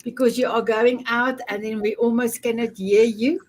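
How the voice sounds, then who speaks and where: A woman's voice: fairly high pitch, steady tone, normal speed. A woman hosting an online summit over a video call, gushing and effusive with her guests. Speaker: summit host.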